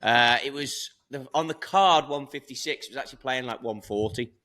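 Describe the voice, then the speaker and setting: Man, bright voice, casual podcast chat, lively storyteller. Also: mid-range voice, brisk. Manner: storytelling, acts out quotes. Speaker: podcast co-host.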